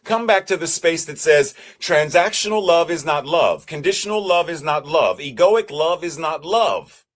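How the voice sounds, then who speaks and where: A man preaching as a minister, with a measured, repetitive cadence. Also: a little high, expressive. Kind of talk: sermon.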